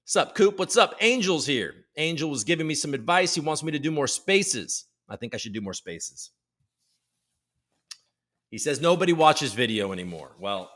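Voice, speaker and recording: A man hosting a casual livestream chat, energetic and joking, swearing freely as he greets chatters by name. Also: mid-range voice. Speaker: livestream host.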